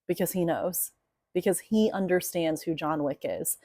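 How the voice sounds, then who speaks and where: Chatty woman with a lowish voice. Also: normal speed, no room sound, clean studio sound. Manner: chatty, animated storyteller with many fillers. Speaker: writing coach. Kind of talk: casual explainer to camera.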